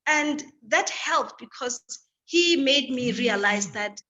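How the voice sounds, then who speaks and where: A woman from Africa, a guest, telling a personal story in an animated, lively way over a video call. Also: a little high, slow pace. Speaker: guest speaker.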